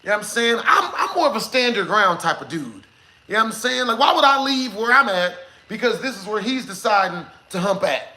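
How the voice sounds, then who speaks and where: A man's voice: high-pitched, fairly quick, a little hiss or hum, poor audio. A young man streaming live, telling a rambling story to his chat with lots of asides and laughter. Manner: animated, rambling, constant filler asides.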